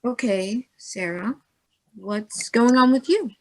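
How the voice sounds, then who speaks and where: A woman plays a bossy actor running a rehearsal in a stage play. She gives blunt, clipped directions, and her voice sits slightly high. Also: slow. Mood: directive.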